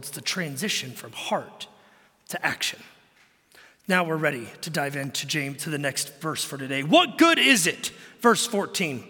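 A male pastor delivers a sermon with an animated, storytelling delivery, acting out quoted exchanges. His voice is high and very bright, and it rings with a long hall reverb. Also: husky.

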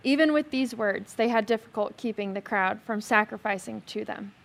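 A woman teaching a Bible passage to a live group in a casual sermon style. She is chatty and animated, with lots of "like" fillers and humorous asides. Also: mid-range voice, normal speed, vocal fry.

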